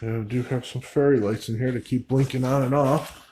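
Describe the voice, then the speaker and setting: Brief: male paranormal vlogger on his own in a dark old store, mid-pitch voice, loud calls then hushed asides. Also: fairly even intonation, normal speed, a little hiss or hum. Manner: talks to spirits and camera, shifts between loud calls and hushed asides. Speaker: paranormal investigator. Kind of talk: solo ghost-hunting vlog narration. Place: old store building at night, indoors.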